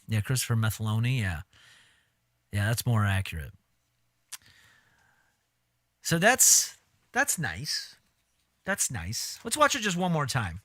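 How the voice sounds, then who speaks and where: A man's voice: medium pitch, sing-song, measured pace, sharp tone, no echo, clean studio sound. A man hosting a live stream, giving casual, crude, joking commentary with laughing asides.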